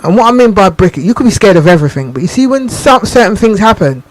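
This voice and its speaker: A woman's voice: mid-range voice, animated, quick pace, no room sound. Emphatic woman. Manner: emphatic, repeats points and asks "do you understand?". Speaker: co-host. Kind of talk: radio talk show discussion.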